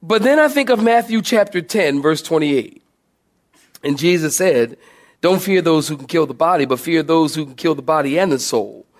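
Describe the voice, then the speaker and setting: High-voiced preacher telling a lively story. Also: male voice, moderate pace. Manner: animated, acts out shouting and laughs mid-story. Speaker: pastor. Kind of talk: storytelling sermon.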